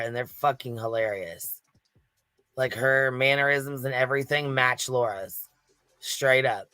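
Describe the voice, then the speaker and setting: A man's voice: medium pitch, sharp tone, clean tone, dry recording. A man hosting a livestream, gossiping with laughter and heavy swearing in casual commentary. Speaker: livestream panel host.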